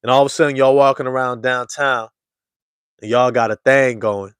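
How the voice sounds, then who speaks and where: A man hosting a casual basketball fan show, talking to his live chat in animated slang and repeating lines for emphasis. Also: normal speed, smooth, no echo. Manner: animated storyteller, swings from loud hype to low murmur. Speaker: sports show host.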